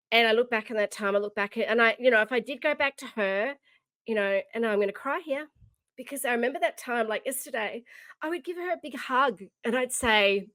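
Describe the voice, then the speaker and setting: A woman's voice: on the high side, a little fast, fairly bright tone, no room sound. A middle-aged woman hosting a motivational leadership podcast, talking in a heartfelt, emphatic way and repeating her key phrases. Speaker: leadership coach and podcast host.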